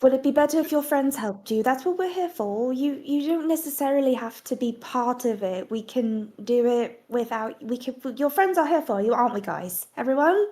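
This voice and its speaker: A woman voicing a compassionate adventurer with a put-on accent, gentle and reassuring toward a friend in a tabletop role-play. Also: high-pitched, expressive, normal speed, hardly any pauses. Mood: consoling.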